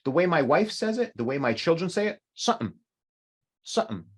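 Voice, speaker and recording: A man's voice: fairly high pitch, animated, fast talker. A middle-aged man teaching an online language class over a video call, patiently explaining with examples. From North America.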